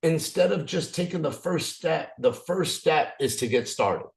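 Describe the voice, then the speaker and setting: A raspy man leading a motivational training call, excitable, swinging up and down and restarting his sentences often. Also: a little slow. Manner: excited, repetitive, frequent restarts; swings up and down in pitch. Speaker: business opportunity trainer.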